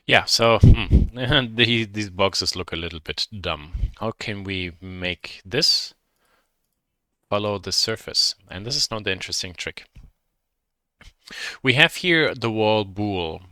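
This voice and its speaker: A man with a German accent teaching a software modeling lesson, thinking aloud and correcting himself as he works. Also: on the low side, slow pace, no echo, studio quality. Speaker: instructor.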